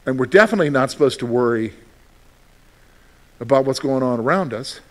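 A male pastor preaching a sermon, reading scripture slowly and then talking plainly to the congregation with rhetorical questions. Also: medium pitch, animated. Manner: slow, deliberate scripture reading.

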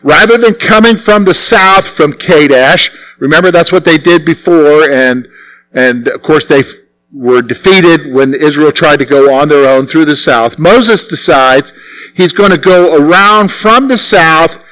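A man's voice: on the high side, a little slow, a bit bright, poor audio. A male preacher giving a conversational sermon, full of rhetorical questions and emphatic repetition. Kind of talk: expository sermon.

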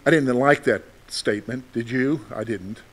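A middle-aged man preaching a sermon, asking the congregation rhetorical questions and swinging between loud emphasis and quiet asides. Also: medium pitch, moderate pace. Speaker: pastor.

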